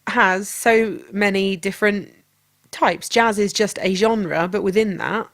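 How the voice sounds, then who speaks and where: A woman co-hosting a casual album review podcast, giving dry, measured replies. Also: medium pitch, steady tone, fairly bright tone. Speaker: podcast co-host.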